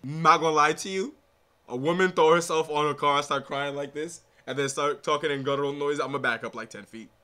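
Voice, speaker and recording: A man hosts a reaction video with lively, joking commentary. He swears freely, and his voice is bright and high for a man. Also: brisk, smooth. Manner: animated, profane, joking.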